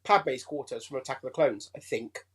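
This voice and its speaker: A man with an English accent, a chatty and excitable guest on a fan show. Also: mid-range voice, normal speed, husky. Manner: chatty and excitable, laughs easily. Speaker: guest reviewer. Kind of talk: casual fan chat.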